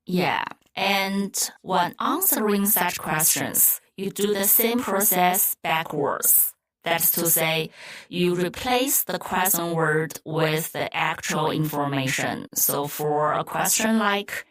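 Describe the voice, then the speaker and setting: A woman's voice: lowish voice, a bit bright. A woman co-hosting a Mandarin lesson, explaining grammar and saying each example phrase twice. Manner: slow, clear, repeats example phrases. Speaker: Mandarin teacher, co-host. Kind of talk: scripted language lesson.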